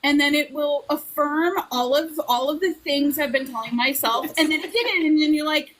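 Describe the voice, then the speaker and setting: A woman hosting a casual book club chat, with a high voice. She is chatty and encouraging. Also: moderate pace, a bit bright, poor audio.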